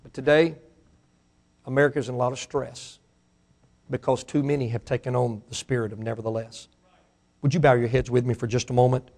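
A pastor with a Mississippi Southern accent preaching a sermon, his voice swelling to fiery shouts and then falling to a hushed prayer. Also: medium pitch, steady tone, a little fast, long pauses. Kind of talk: sermon with altar call.

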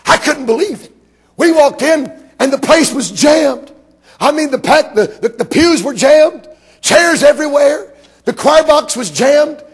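A man from Georgia preaching a sermon, telling stories emphatically and rising to shouts. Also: extremely high pitch, gravelly, slightly rough.

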